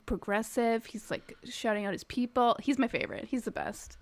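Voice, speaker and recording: A woman co-hosting a casual podcast chat, excitedly gushing and laughing, swearing now and then. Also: a little high, normal speed. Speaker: podcast co-host.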